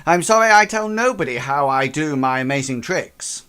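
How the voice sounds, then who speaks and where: A man's voice: fairly high pitch, animated, moderate pace, fairly bright tone, smooth, pitched above the performer's own voice. A man voicing an arrogant male stage magician in cape and top hat, with an English accent, haughty and dismissive.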